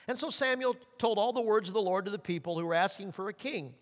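A man with a high, light voice delivers an earnest sermon, slowing down when he reads scripture aloud. His words ring out with a long reverb through a church sanctuary. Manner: earnest, slows for scripture and repeats for emphasis. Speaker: pastor.

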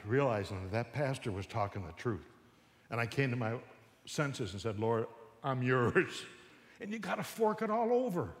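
A man giving a humorous talk on Christian parenting to a church audience, an animated storyteller who acts out parents and kids. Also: mid-range voice, long reverb tail.

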